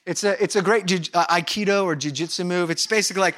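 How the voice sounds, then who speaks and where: A man preaching a sermon as pastor of a church, lively and conversational, acting out short bits of dialogue and dropping from loud emphasis to hushed asides. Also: high voice, fast. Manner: animated, acts out dialogue, swings between loud and hushed.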